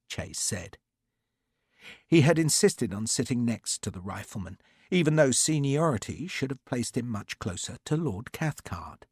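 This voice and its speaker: A man reading an audiobook in a measured, even storytelling manner. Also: medium pitch, breathy edge, dry recording, studio quality. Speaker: audiobook narrator. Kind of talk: scripted audiobook narration.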